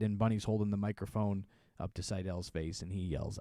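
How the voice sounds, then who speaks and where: A man co-hosts a podcast and recaps wrestling shows in loose, rambling, sarcastic chat. His voice is mellow and dark, recorded dry and close. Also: fairly low pitch, fast talker, no echo. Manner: rambling, sarcastic, acts out wrestlers' shouted lines. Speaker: podcast co-host.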